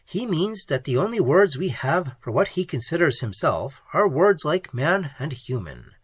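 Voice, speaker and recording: A man's voice: on the high side, very animated, moderate pace, husky, no room sound. A man reading the part of a blunt, practical male explorer with dry humor. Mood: curious. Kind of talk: audiobook character reading.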